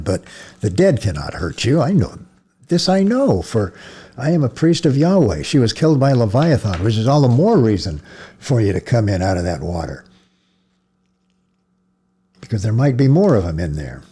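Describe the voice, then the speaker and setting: A man reading a novel aloud, voicing a grieving male priest who swings from harsh commands to gentle coaxing. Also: sits low, very animated, normal speed, slightly rough, full character voice. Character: male priest, grieving, stern then tender. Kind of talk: audiobook character voice.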